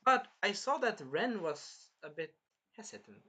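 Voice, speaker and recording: A man recapping an anime episode in an excitable, rambling way, jumping between plot points. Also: high-pitched, a little slow, husky. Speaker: anime reviewer.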